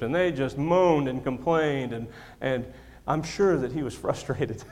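A man's voice: medium pitch, a little slow, hardly any pauses, a little mellow. Preacher man in a reverberant church hall. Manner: emphatic, repeats key lines, self-deprecating humor. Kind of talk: sermon. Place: church sanctuary. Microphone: handheld or stand microphone.

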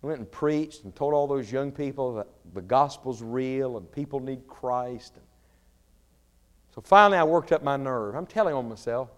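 A man preaching a sermon, swinging between shouted fervor and quiet storytelling. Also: mid-range voice, expressive, moderate pace. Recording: reverberant large hall.

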